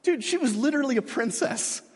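A high, husky male voice preaches to a congregation in his thirties' easy, self-mocking, chatty manner. His pitch swings widely as he talks. A long hall reverb trails every phrase. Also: animated, fairly quick. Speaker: pastor. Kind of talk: sermon.

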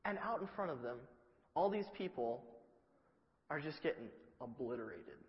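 A male preacher giving a sermon, telling the story in a lively, humorous way with acted-out asides. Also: fairly high pitch, moderate pace, in a large hall, dull audio.

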